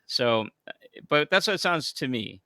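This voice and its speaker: A man's voice: mid-range voice, animated, a little slow, vocal fry, bright, forceful tone, no room sound, clean studio sound. A man co-hosting a podcast, joking hesitantly with chuckles. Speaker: podcast co-host. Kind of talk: casual banter.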